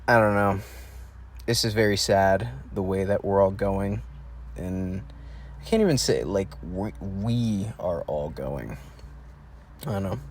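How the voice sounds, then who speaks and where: A man's voice: lowish voice, slight background noise. A young man rambling through a profane solo monologue, full of restarts and rants. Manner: profane, meandering, ranting with frequent restarts. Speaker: solo podcast host.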